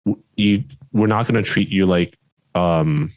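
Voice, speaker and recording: A man's voice: deep voice, a little slow, dry recording. Stern-voiced man losing his voice. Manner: stern, even-toned, explains at length. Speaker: podcast co-host, martial arts instructor. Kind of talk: casual chat.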